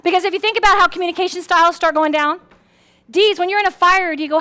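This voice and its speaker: A very high-voiced woman leads a lively workshop on personality styles in front of a live audience. She talks quickly and acts out little scenes, her voice jumping up and down, and sometimes repeats a word as she restarts. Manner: animated, acts out quotes with big pitch swings.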